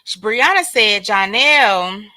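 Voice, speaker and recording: A woman's voice: mid-range voice, lively intonation, slow pace, pushed and bright, dry recording. A woman hosting a casual livestream commentary, talking straight to her viewers and calling out chat names. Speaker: livestream host.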